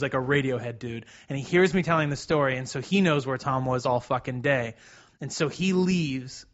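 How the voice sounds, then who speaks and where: A man of medium pitch spins a long casual anecdote on a podcast. He stumbles, restarts and curses freely as he goes. The recording is slightly dull and lo-fi. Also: a bit bright. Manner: rambling, halting, swears freely. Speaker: podcast co-host. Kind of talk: casual storytelling.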